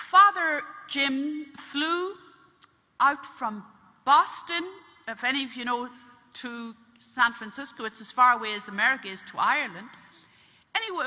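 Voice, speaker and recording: A woman telling a story in a religious talk, earnest and unhurried, pausing and restarting as she goes. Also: high voice, big-room sound, lo-fi sound.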